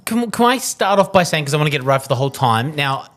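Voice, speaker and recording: A man co-hosting a podcast interview, asking careful, halting questions. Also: on the high side, very animated, a bit bright. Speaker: podcast co-host.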